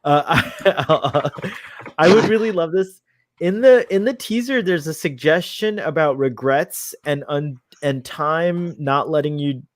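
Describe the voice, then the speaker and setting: A man's voice: a little high, takes it slowly, no room sound. A man hosting a casual live-stream chat, talking like an eager fan who laughs often. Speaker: show host.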